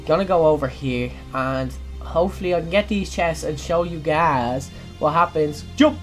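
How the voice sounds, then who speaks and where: A young woman giving jokey, excitable let's play commentary, breaking into sudden loud yelps. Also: low-pitched, moderate pace, soft background music. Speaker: gaming channel host.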